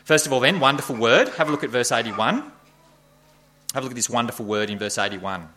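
A man preaching a sermon, emphatic and expressive, reading scripture aloud and explaining it. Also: fast. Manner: expressive, emphatic preaching with big pitch swings.

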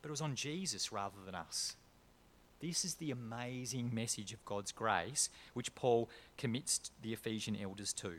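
A man with an Australian accent preaching a sermon as a pastor, moving between quiet storytelling and loud, emphatic points. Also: mid-range voice, moderate pace, a little hiss or hum.

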